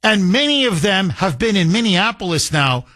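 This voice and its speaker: A man with a slight accent hosts a talk radio show, firing off combative, incredulous rhetorical questions. His voice sits high and swoops a lot as he argues. The tone is bright and forceful. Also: very animated, moderate pace. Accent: slight foreign accent. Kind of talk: opinionated talk radio monologue.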